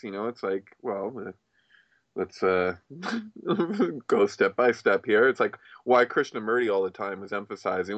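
Animated man acting out quotes. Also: on the low side, moderate pace, no echo, dull audio. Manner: animated, swears often, acts out quotes in a raised voice. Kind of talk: casual podcast chat.

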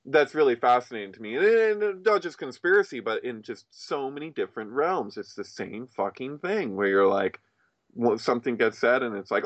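A man in casual chat who swears often and acts out other people's lines in a raised, excited voice. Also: mid-range voice, normal speed, dry recording, lo-fi sound.

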